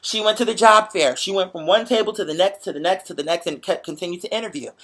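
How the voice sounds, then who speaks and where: A young man hosting a show, chatting to viewers in a lively, profane, motivational storytelling way. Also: high-pitched, fast talker. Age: young adult. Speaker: show host. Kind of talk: casual livestream chat to viewers.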